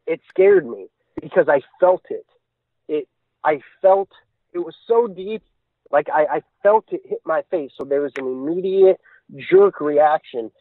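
A man's voice: fairly high pitch, measured pace, no echo. A man recounting a frightening encounter in casual storytelling, earnest and run-on, chaining events together. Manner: earnest, tumbling run-on retelling. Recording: tinny dry phone line.

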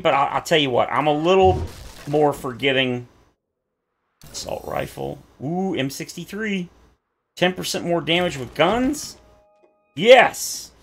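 A man giving game commentary, complaining at length in a theatrical, exasperated way. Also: vocal fry. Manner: exasperated, theatrical complaining with big pitch jumps. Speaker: gaming YouTuber.

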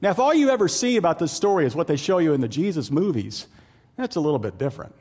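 Pastor swinging from loud to hushed. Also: male voice, quick pace, breathy edge, in a large hall. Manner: dramatic swings between loud excited storytelling and low hushed emphasis; conversational, with fillers and asides to the congregation. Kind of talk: sermon.

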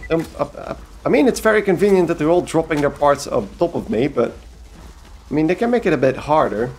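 A man's voice: a little high, expressive, fairly quick, darkish tone, slight background noise. A man with a Belgian accent giving rambling, casual commentary over a video game, joking and talking to himself. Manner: rambling, talks to himself, jokey asides. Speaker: let's play host.

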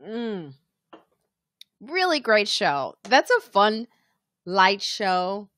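A woman hosts a relaxed live stream with a voice of medium pitch. She chats freely and stops to read out comments from viewers. The sound is close and dry, with no room echo. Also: extremely slow. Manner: chatty, reads out viewer comments. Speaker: podcast host. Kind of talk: casual live-stream chat.

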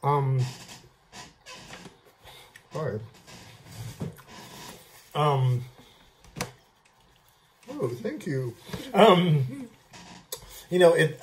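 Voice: medium pitch, a little mellow, a little hiss or hum. Gushing food vlog host tasting candy. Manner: gushing, repeats "I love", halting fillers. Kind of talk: casual food tasting review.

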